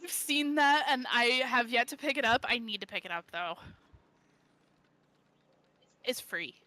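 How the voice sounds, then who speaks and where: Lively woman streamer over music. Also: on the high side, a little slow. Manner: lively, reads viewer chat aloud. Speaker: game streamer. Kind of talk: casual chat while gaming.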